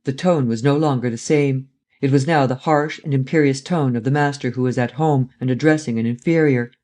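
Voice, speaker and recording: A man narrating a classic adventure novel in a steady, even storytelling manner. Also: medium pitch, brisk. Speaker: audiobook narrator. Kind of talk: scripted narration.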